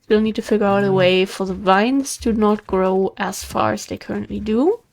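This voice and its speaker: A woman's voice: medium pitch, fairly even intonation, moderate pace, creaky, darkish tone. A woman casually talking through her game as the host of a let's play, chatting to the animals on screen. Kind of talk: casual gameplay commentary.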